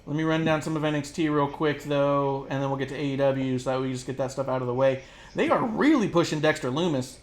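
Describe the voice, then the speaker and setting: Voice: medium pitch, a little hiss or hum. Rambling, profane podcast co-host. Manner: rambling, profane, filler-heavy; drops into quick mocking impressions. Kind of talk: casual podcast chat.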